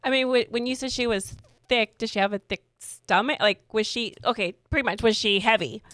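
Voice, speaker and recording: A woman's voice: on the high side, fairly quick, a bit bright, no room sound, clean studio sound. A woman hosting a podcast, reacting with short comments and questions. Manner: reactive, brief interjections and laughs. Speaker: podcast host. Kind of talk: casual chat.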